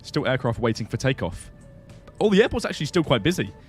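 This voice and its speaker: A man's voice: medium pitch, sing-song, quick pace, faint music behind. Chatty man hosting a flight sim stream. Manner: chatty, laughs often, answers chat questions. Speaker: livestream host flying a flight simulator. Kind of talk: casual livestream commentary.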